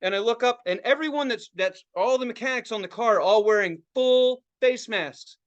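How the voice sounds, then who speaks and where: A man co-hosting a podcast, telling a story in casual, excitable, profane chat. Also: extremely high pitch, normal speed, dull audio. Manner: profane, excitable, acts out other people's reactions. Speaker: podcast co-host.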